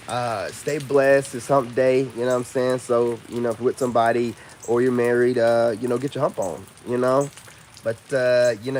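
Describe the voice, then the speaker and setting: Loose-talking mocking man with bright pitch. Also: a little hiss or hum. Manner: loose, mocking, lots of filler phrases. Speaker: online commentator. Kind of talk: casual rant to camera.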